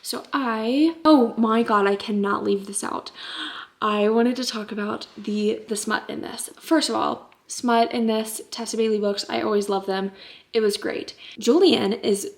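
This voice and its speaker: Young woman rambling about books at home, lots of likes and okays, kinda gravelly. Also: on the high side, fairly even intonation, a little slow. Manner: chatty and giggly, many fillers like "like" and "okay?"; hushed, half-whispered stretches. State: tired. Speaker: book vlogger. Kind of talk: casual vlog chat. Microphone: camera mic.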